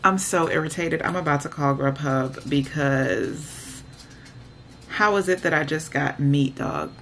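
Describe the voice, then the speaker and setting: Chatty woman vlogger, lower voice. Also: a little slow, fairly bright tone, slight background noise. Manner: chatty, exasperated, ranting; talks straight to viewers. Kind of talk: casual chatty vlog.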